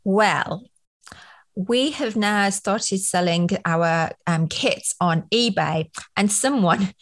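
A woman's voice: medium pitch, takes it slowly. A woman co-hosting a podcast, cheerful and giggly, reading out a long list of supporters. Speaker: podcast co-host. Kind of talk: casual podcast chat, reading a list of names.

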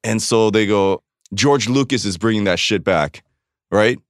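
A man's voice: on the low side, measured pace, no room sound, clean studio sound. A man from Los Angeles, a podcast guest telling a personal story in blunt, profane casual chat, acting out what others said to him. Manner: blunt, profane storyteller who acts out quotes.

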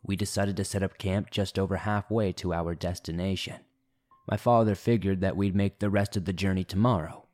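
A man narrates horror stories in a steady, low-key read. His voice sits on the lower side. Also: moderate pace, faint music behind.

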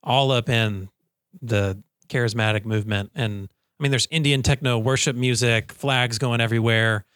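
Man, young adult, mid-pitched voice, dry recording, measured podcast talk. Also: steady tone, a bit bright, clear, resonant tone, dry recording. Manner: reflective, measured, tells personal anecdotes. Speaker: podcast co-host. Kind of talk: casual podcast conversation.

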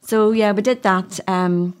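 In a relaxed interview chat, a middle-aged Northern Irish doula shares her story as a podcast guest, often breaking into laughter. Her accent is Northern Irish, and her mid-range voice is steady, unhurried, clear and resonant.

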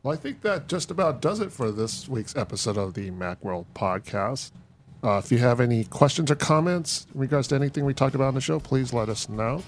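A man's voice: mid-range voice, animated, fairly quick, a little hiss or hum. Friendly man hosting a tech podcast. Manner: friendly, clarifying, agreeable. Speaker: podcast host. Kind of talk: casual tech chat and show sign-off.

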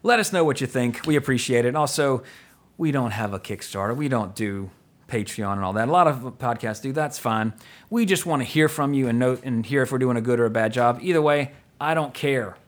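A man co-hosting a podcast, chatting casually in a rambling, excitable way that jumps between topics. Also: mid-range voice, brisk. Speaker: podcast co-host.

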